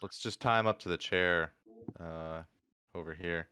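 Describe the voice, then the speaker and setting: A man playing a tabletop game, calm and matter-of-fact. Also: deep voice, measured pace, clean tone. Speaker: player. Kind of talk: casual chat.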